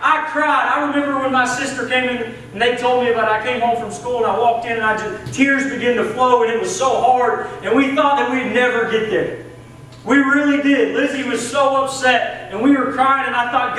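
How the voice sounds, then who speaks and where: High-voiced young Southern preacher. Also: male voice, moderate pace, a bit bright. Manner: earnest, conversational preaching with acted quotes. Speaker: assistant pastor. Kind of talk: sermon. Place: church sanctuary. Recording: echoey church from a distance, faint hiss.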